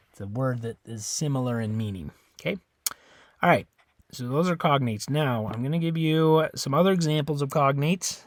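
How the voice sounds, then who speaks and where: A man teaching a beginner Spanish lesson in a relaxed, casual way, repeating words and pausing with fillers. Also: mid-range voice, no echo.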